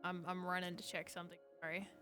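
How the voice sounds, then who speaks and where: A woman's voice: lowish voice, completely flat delivery, fast. A woman streamer reading fan fiction aloud on a desk microphone, gushing, giggly and swearing freely between passages. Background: faint background music.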